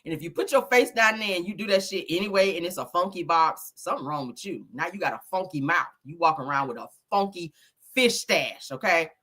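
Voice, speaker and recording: A woman hosting a live gossip stream, talking loudly and laughing a lot as she reacts to comments. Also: lowish voice, fairly quick. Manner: loud, animated, laughing a lot, Southern Black vernacular slang. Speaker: gossip show host.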